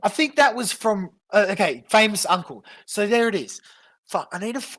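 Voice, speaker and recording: Brief: husky, unhurried woman streamer, swears freely, irate ranting, pitch swinging widely. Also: big pitch swings, fairly bright tone. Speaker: livestreamer. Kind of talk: casual reaction stream.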